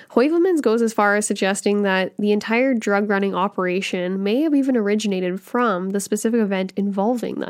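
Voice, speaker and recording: A woman with a Canadian accent co-hosting a casual podcast, chatty and quick to laugh, reading from her notes. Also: medium pitch. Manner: chatty, laughs often, reads notes aloud. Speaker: podcast co-host.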